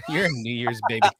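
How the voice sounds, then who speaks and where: A man's voice: mid-range voice, bright, forceful tone, husky, no echo. Chatty, enthusiastic podcast co-host man. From Sacramento area. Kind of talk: casual pop-culture chat.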